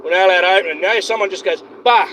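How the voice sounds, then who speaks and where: A man's voice: high-pitched, rapid-fire, bright, forceful tone, slight background noise. A man ranting heatedly on a livestream, swearing constantly and repeating himself. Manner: profane, heated, repetitive.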